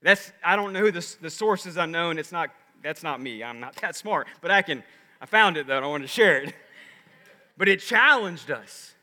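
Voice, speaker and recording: Male pastor, emphatic sermon, high bright voice, lively rhetorical questions, large church with long reverb. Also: normal speed. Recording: echoey sanctuary reverb.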